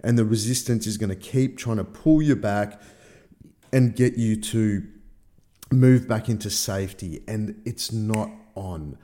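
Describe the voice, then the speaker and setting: A man's voice: lowish voice, unhurried, mellow. A middle-aged man giving a motivational talk, swearing freely and acting out his own inner voices. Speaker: personal development coach. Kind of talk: motivational monologue.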